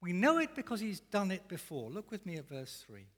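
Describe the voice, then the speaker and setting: A male pastor preaching in a fairly high, lively voice that swings up and down with emphasis. His words ring out with a long echo, as in a large church hall. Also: a little fast. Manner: expressive, emphatic preaching with rising and falling intensity. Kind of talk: sermon.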